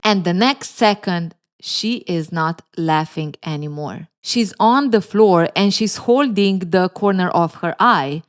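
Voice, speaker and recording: A woman host narrating a novel's plot and adding chatty, sarcastic commentary straight to her viewers. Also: mid-range voice.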